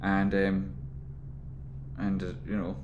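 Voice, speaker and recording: A man rambling through casual stock market commentary, with animated, exasperated rants. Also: low voice, slow, echoey room, phone-quality sound, background noise.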